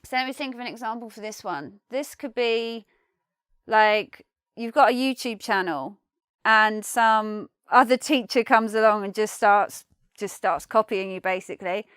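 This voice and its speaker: A woman teaching an online English lesson, explaining slang phrases in an animated way and acting out angry examples. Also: fairly high pitch, measured pace, smooth, no echo, clean studio sound.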